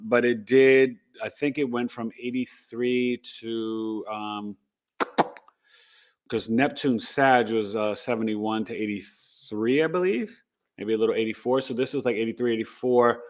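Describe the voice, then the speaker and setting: A man hosting a live astrology show, chatting casually and playfully with his co-host and viewers. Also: fairly low pitch. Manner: playful, animated, talks over his co-host. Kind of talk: casual livestream chat.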